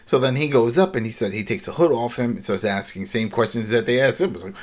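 A man's voice: mid-range voice, fast talker. A man hosting a podcast, casually recapping a TV episode in a rambling, opinionated way with many restarts. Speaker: podcast host.

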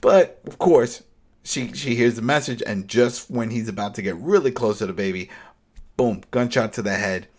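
A man co-hosting a casual chat, retelling scenes with lively energy and acting out the characters. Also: medium pitch, moderate pace. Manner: animated, acts out scenes with shifting voices. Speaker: podcast co-host.

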